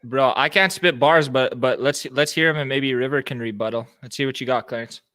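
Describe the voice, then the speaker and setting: A man's voice: mid-range voice, brisk, bright, forceful tone, no echo. A man hosting a casual podcast chat, laid-back and egging his guest on. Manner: laid-back, eggs the guest on, laughs often. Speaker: podcast host.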